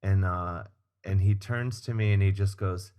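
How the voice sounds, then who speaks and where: A man with a fairly low voice spins a casual story as a podcast guest. He is animated and swears freely. He acts out the people he quotes. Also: measured pace. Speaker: guest comedian and musician.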